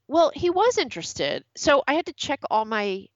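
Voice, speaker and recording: A woman's voice: sits high, very animated, normal speed, fairly bright tone, no room sound, highs cut off. A woman guest in a casual interview who tells stories animatedly and acts out quoted dialogue. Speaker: author guest.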